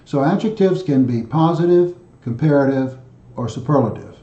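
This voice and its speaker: A man hosting a recorded language lesson, chanting lists of word endings and explaining them haltingly, often correcting himself. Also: a little high, expressive, warm tone. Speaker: self-taught language video host. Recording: echoey room, dull sound.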